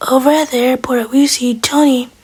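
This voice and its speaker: A woman recapping a TV episode in a breathy whisper. She retells each scene with quick "she's like" quotes and drops in sassy side comments. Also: high-pitched, steady tone, darkish tone, low-quality recording. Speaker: TV episode reviewer.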